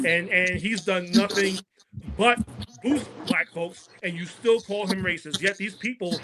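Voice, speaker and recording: Bright-toned high-voiced man ranting. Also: steady tone, moderate pace, a little hiss or hum, poor audio. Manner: impassioned, repeats words when pressing a point. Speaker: podcast guest. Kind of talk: political talk show discussion.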